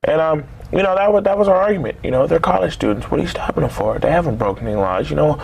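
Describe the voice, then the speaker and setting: A man in his forties, his voice gravelly and pitched a little high for a man, tells a personal story. He speaks haltingly, stopping and restarting often. Faint noise sits behind him. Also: expressive, a little mellow. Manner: halting, with many fillers and restarts.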